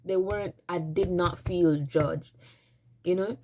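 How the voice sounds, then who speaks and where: A woman's voice: lowish voice, fairly even intonation, takes it slowly, warm tone, a little hiss or hum. A woman telling a casual storytime to her viewers, dramatic and rambling, restarting her sentences often. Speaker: vlogger. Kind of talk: storytime vlog, casual retelling.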